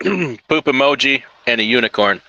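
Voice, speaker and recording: A man's voice: mid-range voice, expressive, normal speed, bright, forceful tone, muffled recording. A man who hosts a trucking live stream, chatting casually and teasing his guest with jokes. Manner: joking, teasing.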